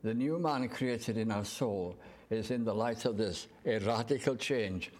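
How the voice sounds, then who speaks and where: A man preaching a sermon in short, measured phrases, reading out scripture to a gathered congregation. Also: fairly low pitch. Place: church gathering in the evening.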